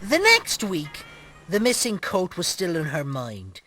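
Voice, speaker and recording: A bright, barking Irish puppet. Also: male voice, high-pitched, huge pitch swings, a little slow, exaggerated voice. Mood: storytelling. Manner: scornful, barking insults, relishing a spooky tale. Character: foul-mouthed grumpy Irish farmer puppet storyteller. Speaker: puppet co-host.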